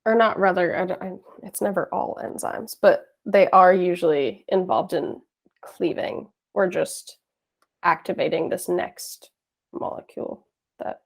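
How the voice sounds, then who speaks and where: A woman's voice: on the low side, steady tone, measured pace, vocal fry. A woman student on a video call, asking questions hesitantly and searching for words. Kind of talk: asking questions in a tutoring session.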